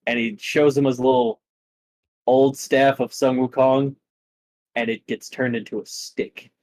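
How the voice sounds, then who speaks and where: A man running a tabletop game as game master, narrating the fight in an unhurried, drawn-out way. His voice sits at a middle pitch, and he tells the action with animated storytelling. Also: no room sound, poor audio.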